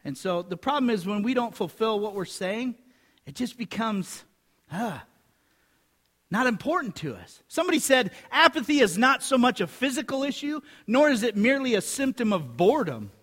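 A man with a notably high voice preaches in a church sanctuary, and his words ring out with a long reverb tail. He keeps the sermon conversational, tossing joking asides to the congregation between points. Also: big pitch swings, normal speed, a bit bright. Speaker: pastor.

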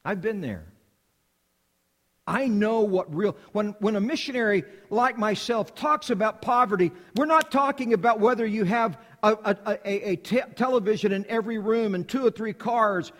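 A man's voice: high voice, moderate pace, fairly bright tone, big-room sound. A man from the United States preaching a sermon as a missionary, with an emphatic, repetitive cadence.

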